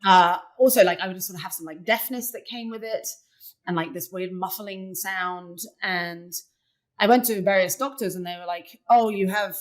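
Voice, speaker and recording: Young woman, lowish voice, casual storyteller, filler-heavy conversational guest. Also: moderate pace. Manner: chatty, many "like" fillers, animated retelling. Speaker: interview guest, poker player.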